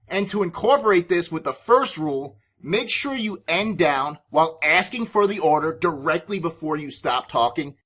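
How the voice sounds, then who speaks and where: A man's voice: fairly high pitch, pushed and bright, breathy edge. A man hosting a business podcast, giving sales advice in an emphatic, authoritative way. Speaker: podcast host and sales coach.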